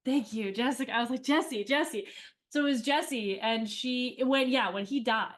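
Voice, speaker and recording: A woman's voice: a little high, moderate pace. A woman interviewed as a cast member, telling rambling stories in casual chat with many fillers.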